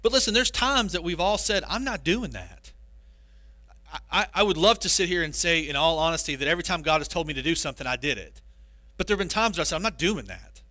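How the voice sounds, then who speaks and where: A male pastor giving a sermon, telling stories with animated, self-mocking humor. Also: a little high, fast, no echo.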